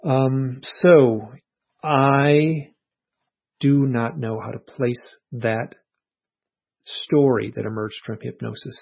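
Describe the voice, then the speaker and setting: A man, an author being interviewed, earnestly retelling a personal experience in a reflective, animated way, with his inner thoughts voiced as quotes. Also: mid-range voice, slow, vocal fry, long pauses. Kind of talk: casual conversational storytelling. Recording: muffled lo-fi audio.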